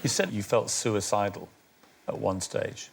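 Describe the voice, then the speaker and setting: A man's voice: on the low side, unhurried, vocal fry, breathy edge. A man hosting an interview show, asking probing questions with wry, teasing remarks.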